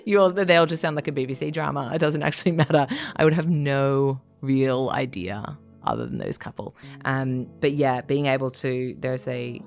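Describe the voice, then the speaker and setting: An Australian woman who writes and lives in Scotland gives a reflective, casual interview. Her low, gravelly voice is animated, and she talks hesitantly, with many fillers, restarts, and frequent laughs. Faint music hums in the background.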